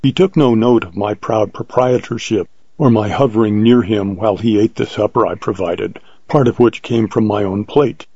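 Gravelly low-voiced male narrator. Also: mellow, dry recording. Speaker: audiobook narrator. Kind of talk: first-person story narration. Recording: dull lo-fi recording.

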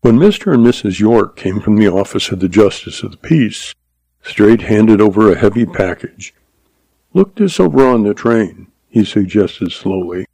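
A man in scripted narration, telling a western story at a steady pace. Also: fairly low pitch, normal speed, husky, no room sound, rough recording. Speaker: audiobook narrator.

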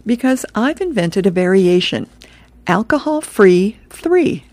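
A woman's voice: mid-range voice, very animated, slow pace, darkish tone, dry recording. A woman reading the lines of a sly, scheming cartoon rat.

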